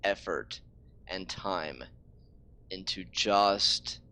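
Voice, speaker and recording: A man's voice: sits low, drawn-out words, sharp tone, clear, resonant tone. A man streaming a game live, ranting in frustration and swearing freely. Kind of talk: casual live-stream talk.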